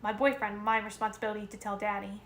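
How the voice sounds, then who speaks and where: A woman reading a novel aloud in the first person at home, steady with small self-corrections. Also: mid-range voice, fast. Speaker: reader. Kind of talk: amateur audiobook reading of a novel. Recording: roomy echo with faint noise.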